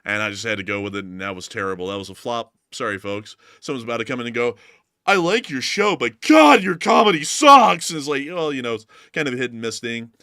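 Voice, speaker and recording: A man's voice: on the low side, fast talker, hardly any pauses, smooth, dry recording, clean studio sound. A man hosting a war news show, giving casual, joking commentary over battle footage. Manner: joking, animated, self-mocking.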